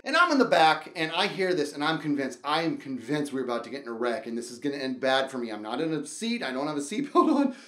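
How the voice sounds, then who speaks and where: A man hosting his own channel, telling a personal story dramatically, excitably bursting into shouts and chatting directly to his viewers. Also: a little high, fast talker, hardly any pauses, slight background noise. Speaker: channel host.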